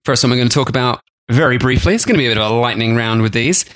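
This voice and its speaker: A man co-hosting a casual food podcast. He chats easily and jokes often, now and then mimicking imagined people. His delivery is relaxed and conversational. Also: medium pitch, racing, dry recording. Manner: chatty, jokey, puts on silly voices for imagined people. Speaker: podcast co-host.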